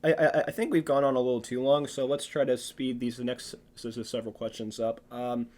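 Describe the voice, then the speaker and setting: Man, podcast host, casual chat, hesitant, stumbling, laughs, mid pitch. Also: flat delivery, fairly quick, a little mellow.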